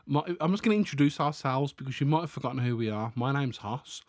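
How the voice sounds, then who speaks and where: A man's voice: mid-range voice, expressive, fast talker, a little mellow, no room sound, clean studio sound. A man with a Black Country accent hosting a podcast, jokey and teasing with his co-hosts. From West Midlands of England. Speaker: podcast host. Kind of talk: casual chat.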